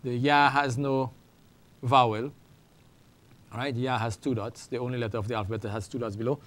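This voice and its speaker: A middle-aged man teaching an Arabic lesson, speaking slowly and repeating words for learners. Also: mid-range voice, little pitch movement, fairly bright tone, dry recording. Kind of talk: classroom language lesson.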